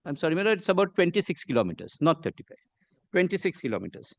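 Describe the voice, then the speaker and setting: A man with an Indian English accent, arguing a case before a judge in measured, deferential courtroom speech. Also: a little high, very animated, gravelly, no echo. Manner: measured and deferential, says "my lord" constantly. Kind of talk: formal courtroom argument.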